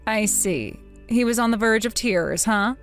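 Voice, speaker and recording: A woman's voice: fairly high pitch, lively intonation, a little slow, soft background music. A woman voicing a fed-up grown daughter who bluntly and coldly refuses her family. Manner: blunt, cold, firm. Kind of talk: text-story voice acting.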